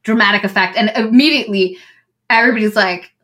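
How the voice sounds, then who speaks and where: A woman casually retelling a book's plot on a podcast, animated and swearing freely. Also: medium pitch, fast talker. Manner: animated retelling with swearing, acting out lines of the characters. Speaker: podcast co-host.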